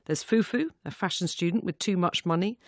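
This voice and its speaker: A woman presenting a radio arts show and interviewing guests, measured, with some hesitant fillers in her questions. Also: fairly low pitch, darkish tone, no room sound, clean studio sound. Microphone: studio microphone.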